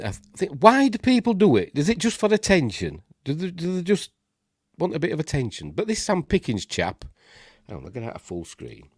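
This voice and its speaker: A Yorkshire man with a bunged-up, snuffly nose talks his way through a live stream in a rambling, grumbling chat. His lowish voice swoops up and down a lot, and the sound is close and dry. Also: darkish tone, no room sound. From Yorkshire, England. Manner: chatty and grumbling, with many fillers and asides. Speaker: host of a live news stream.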